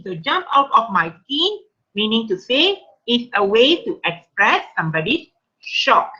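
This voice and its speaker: A woman teacher with a Malaysian English accent runs an online writing workshop. Her voice is bright and sits a little high. She keeps checking in with "okay" while reading example sentences, and the call audio sounds slightly muffled. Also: big pitch swings, measured pace, breathy edge. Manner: frequent "okay" check-ins, reads example sentences aloud.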